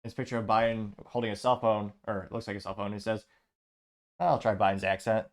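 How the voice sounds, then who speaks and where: A man's voice: fairly low pitch, flat delivery, brisk. A man hosting a show, casually reading online comments aloud and adding dry asides. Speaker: show host.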